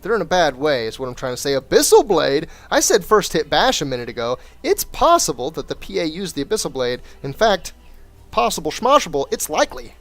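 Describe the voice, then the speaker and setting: A man with a slightly higher voice casts a video game replay in a casual, chatty way. He jokes dryly between calls and talks into a desktop mic at home. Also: sing-song, fairly quick, a bit bright. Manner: wry, chatty play-by-play with jokes. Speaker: game caster.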